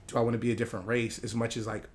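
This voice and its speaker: A man's voice: mid-range voice, little pitch movement, very fast. A man who grew up in Hawaii, a podcast guest talking casually and reflectively, often searching for his words. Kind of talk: casual conversation.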